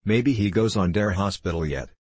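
A stolid immigrant neighbor woman giving short, flat statements in broken English, read by a man. The voice sits low and husky, recorded dry and close. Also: moderate pace, no room sound.

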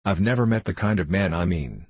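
A man reading the lines of a proud, aloof young woman in a storybook, in a cool, gently reproving manner. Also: low voice, expressive, a little fast, breathy edge, dry recording.

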